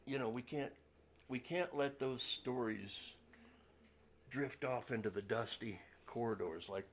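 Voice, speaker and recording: A man's voice: medium pitch, unhurried, a little hiss or hum. Earnest man in a library audience. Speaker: audience member commenting. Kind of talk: casual reflective remarks. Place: public library event room.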